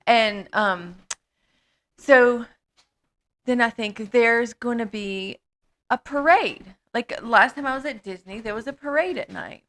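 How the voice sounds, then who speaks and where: Middle-aged woman, kinda high voice, jumps in with extra details, casual chat. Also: slow, a bit bright. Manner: chimes in, adds details. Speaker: co-host.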